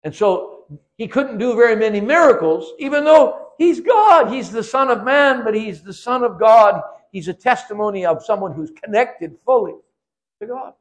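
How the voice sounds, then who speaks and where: A man's voice: sits high, expressive, moderate pace. An older man preaching a sermon in a church, emphatic and repetitive, weaving in his own life story. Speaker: guest preacher.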